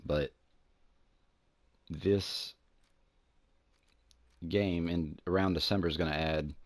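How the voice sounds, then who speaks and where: A man's voice: sits low, no room sound, clean studio sound. A man with a Southern US accent, casually rambling through commentary on his own gaming channel, restarting sentences as he goes. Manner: rambling, restarts, drawn-out words.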